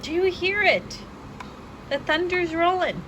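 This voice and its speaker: A woman talking baby talk to her pet parrot in a high, cooing sing-song voice, at home by a window. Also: lively intonation, a little slow, rough recording. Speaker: pet owner. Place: home by a window during a storm. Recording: loud rain noise behind.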